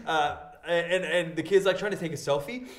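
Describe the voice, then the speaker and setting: A man's voice: fairly high pitch, normal speed, over a noisy crowd. A young man co-hosting a podcast, telling a story in casual chat and acting out the people in it, laughing and cursing as he goes. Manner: animated storyteller, mimics others in his anecdotes. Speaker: podcast co-host.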